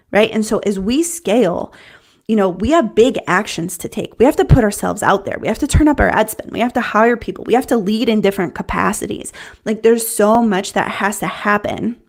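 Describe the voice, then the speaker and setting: A woman business coach giving an earnest, conversational talk, often restarting phrases and checking in with "right?". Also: mid-range voice. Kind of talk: teaching talk to camera.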